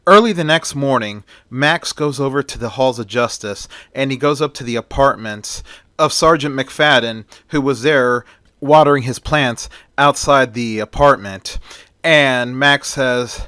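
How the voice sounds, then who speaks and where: A man narrates his own fan story in a plainspoken, run-on way, joining events with "and then." His voice is bright. The recording is dry and close. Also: medium pitch, unhurried, clean tone, dry recording.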